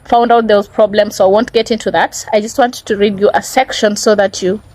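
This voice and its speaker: A woman's voice: mid-range voice, fairly even intonation, a little fast, a little mellow, poor audio. A woman talking casually in a book review vlog, explaining passages and checking in with "okay?".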